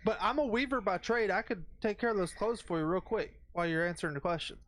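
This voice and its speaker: A player voicing a character in a tabletop game, speaking in a hesitant, halting way. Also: medium pitch, fairly bright tone. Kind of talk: casual in-character play.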